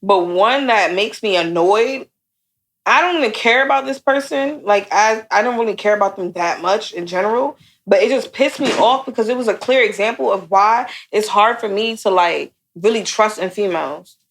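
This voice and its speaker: A young woman co-hosting a casual podcast, telling a personal story. She talks bluntly and curses freely, and she gets animated as the story builds. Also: mid-range voice, moderate pace, slight background noise. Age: young adult. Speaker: podcast co-host.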